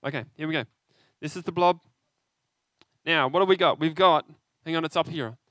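A man preaching an interactive sermon, animated and conversational, often asking his listeners questions. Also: a little high, moderate pace, dry recording.

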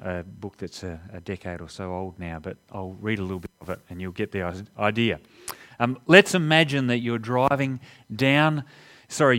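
A man preaching a sermon, telling a story with emphatic pauses as he goes. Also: fairly low pitch. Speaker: pastor.

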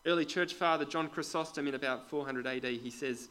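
A man's voice: on the high side, fairly quick, hardly any pauses, poor audio. Conversational man preaching a sermon. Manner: conversational, addresses the congregation directly with questions; drops to quiet asides. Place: church with a congregation.

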